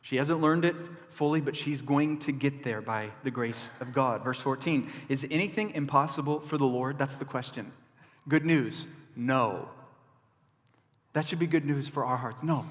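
A man preaching in an animated, emphatic way, mixing conversational asides with bold declarations. His voice sits in a middle range. A long reverb fills the sanctuary around him. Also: mid-range voice, a little slow. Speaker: pastor. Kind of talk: sermon.

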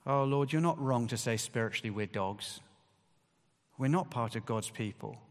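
A man's voice: medium pitch, moderate pace. A man preaching a sermon to a congregation, talking in a conversational way with emphatic bursts of stress. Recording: long hall reverb.

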